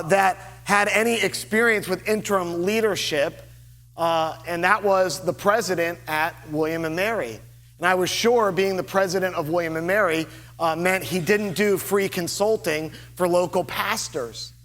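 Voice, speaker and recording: Man, pastor, sermon, high voice, unhurried delivery, long church reverb. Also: pushed and bright. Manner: earnest, deliberate preaching with dramatic pauses. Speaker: lead pastor. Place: church sanctuary.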